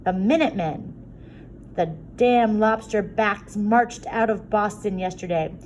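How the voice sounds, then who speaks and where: A woman reading a story aloud, voicing an excited young male soldier in a raised, eager voice. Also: mid-range voice, a little slow, slight background noise, natural voice, rough recording.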